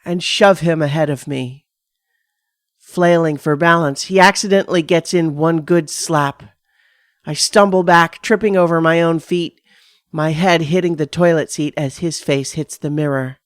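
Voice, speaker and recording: A woman giving a measured, dramatic first-person reading of a scripted horror story on a close studio mic. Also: low-pitched, no echo. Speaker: narrator.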